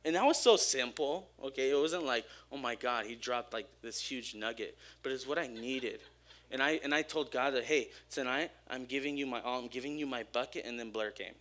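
A young man preaches in a church service with a bright, forward voice and an easy, conversational delivery. He jokes with the crowd and speaks openly about his own struggles. His energy stays high and personal throughout. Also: brisk. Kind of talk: casual youth sermon.

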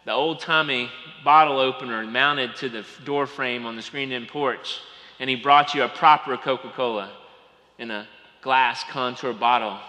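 A man from Atlanta with a Georgia Southern accent, preaching a sermon as pastor with folksy storytelling, often dropping to quiet asides. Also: medium pitch. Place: large church sanctuary. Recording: long hall reverb.

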